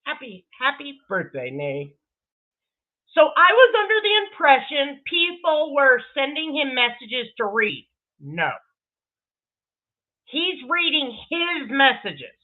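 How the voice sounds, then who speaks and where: A woman's voice: high-pitched, takes it slowly. A woman hosting a reaction commentary video, swearing freely and breaking into laughter. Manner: profane, laughing, animated. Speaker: commentary host. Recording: tinny phone-like sound.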